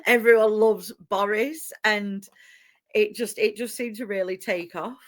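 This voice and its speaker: A woman's voice: medium pitch, steady tone, unhurried. A woman hosting a podcast interview, chatty and enthusiastic, laughing easily. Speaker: podcast host. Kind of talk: casual interview chat.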